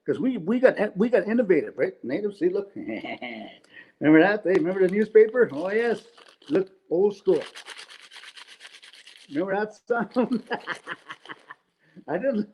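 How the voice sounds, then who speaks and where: A man's voice: high voice, dark tone, slightly rough, low-quality recording. A middle-aged man from Canada doing rambling stand-up storytelling at home on a webcam, tossing in tag questions and chuckling at his own jokes. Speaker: comedian. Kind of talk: stand-up storytelling for an online event. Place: at home indoors.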